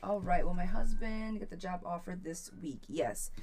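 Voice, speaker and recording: A woman giving a casual live tarot reading, slightly low in pitch and talking straight to her viewers. She encourages them warmly and calls them girl and sweetheart. Her voice is picked up by a webcam mic at home. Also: animated, normal speed, a little hiss or hum. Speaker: tarot reader hosting a live stream.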